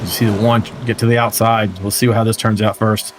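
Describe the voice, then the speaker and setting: With racing car engines behind him, a man speaks in a fairly low, level tone and a fairly quick pace. He calls a simulated stock car race play-by-play, chatting, joking, and reading his viewers' messages aloud.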